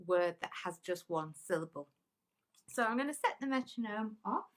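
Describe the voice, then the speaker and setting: A woman's voice: medium pitch, lively intonation, moderate pace. A woman music teacher giving a patient, encouraging lesson and counting rhythms aloud.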